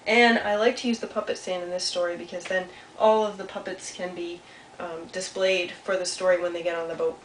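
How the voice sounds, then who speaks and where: Animated woman telling a puppet story. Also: fairly low pitch, fairly quick. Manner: animated, asks the listening children questions. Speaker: children's storyteller. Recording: roomy sound from a distance, faint hiss.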